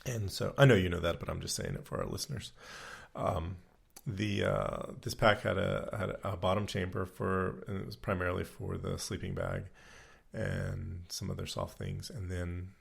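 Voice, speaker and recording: Podcast co-host, male, low and gravelly, rambling casual delivery. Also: moderate pace. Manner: rambling, many fillers and restarts. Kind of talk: casual chat.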